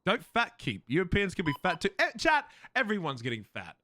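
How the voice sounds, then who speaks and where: Lively, bright-voiced male streamer. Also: sits high, brisk. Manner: swearing, laughing, rambling. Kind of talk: livestreamed game role-play and chat.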